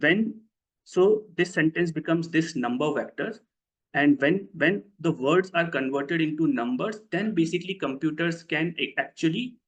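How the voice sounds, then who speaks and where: A fairly high-pitched man presents a webinar. He explains ideas step by step in a teaching tone. He keeps pausing to put questions to his listeners. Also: fairly bright tone, poor audio. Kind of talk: live online lecture.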